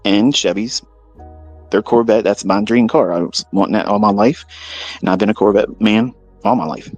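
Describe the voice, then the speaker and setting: A man telling a story in a profane, animated, mocking way, as a trading mentor talking to his audience. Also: on the low side, normal speed, highs cut off, faint music behind. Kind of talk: casual storytelling monologue.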